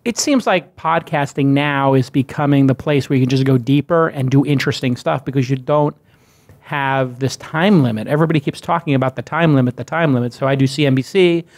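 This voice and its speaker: A man hosting a tech news roundtable, upbeat and quick with short interjections. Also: mid-range voice, dry recording. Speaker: host. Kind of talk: casual roundtable chat.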